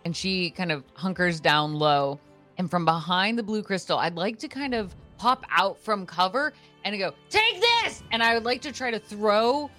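A woman's voice: mid-range voice, moderate pace, a bit bright, soft background music. A woman playing a tabletop game, playful and giggly. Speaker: player. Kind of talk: casual tabletop play.

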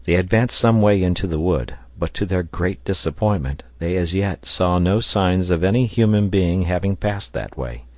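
Deep-voiced male audiobook narrator. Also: moderate pace, few pauses, no echo. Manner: steady, even-paced reading.

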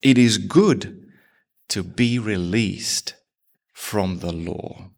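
A man's voice: on the low side, very slow, a little mellow. A man preaching a sermon as pastor, asking his congregation rhetorical questions.

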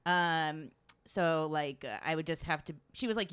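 Her voice sits low, clean in tone and unhurried, as she recounts a trip in easygoing chat. Cursing without restraint, she brings the story to life by performing other people's lines.

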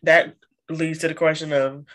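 A young woman co-hosting a podcast in casual chat, with a calm, soothing voice and frequent giggles. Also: sits low. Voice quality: calming voice. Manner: slow, soft-spoken, giggly. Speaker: podcast co-host.

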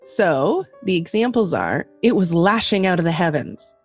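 A woman's voice: lowish voice, lively intonation, moderate pace, soft background music. A woman hosting a casual podcast chat, laughing often and swearing freely. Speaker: podcast host.

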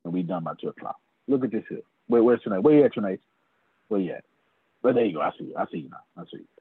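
Fiery husky-voiced man preaching sales. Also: on the low side, big pitch swings, racing, no room sound. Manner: fiery, talks straight to listeners by name, swears. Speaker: sales trainer. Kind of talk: animated preacher-like teaching. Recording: tinny phone-like video call audio.

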